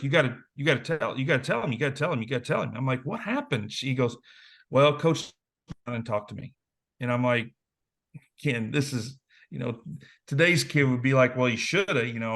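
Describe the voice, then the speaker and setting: A man in his forties from southern Indiana spins stories from his playing days in a relaxed interview. He talks casually, in a mid-range voice. He acts out the people he quotes. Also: mid-range voice. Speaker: interview guest, former basketball player. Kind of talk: casual storytelling.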